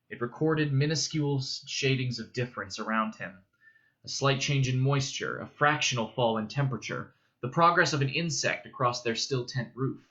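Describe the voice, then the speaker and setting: A man reading a novel aloud in a measured, steady narration. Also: mid-range voice, dull audio. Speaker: reader. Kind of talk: audiobook narration.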